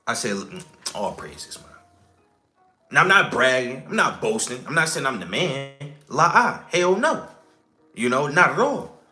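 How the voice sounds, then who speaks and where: A man's voice: medium pitch, big pitch swings, a little slow, bright, forceful tone, soft background music. A man teaching scripture informally, emphatic and preachy, asking rhetorical questions, swearing casually and checking in with "okay?" and "all right?". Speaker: religious teacher.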